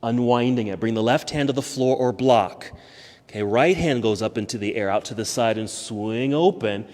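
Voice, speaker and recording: A man teaching a yoga class, calmly cueing poses step by step and easing toward relaxation, a little out of breath. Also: medium pitch, moderate pace, in a large hall. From United States. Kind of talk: guided yoga class instruction. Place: yoga studio.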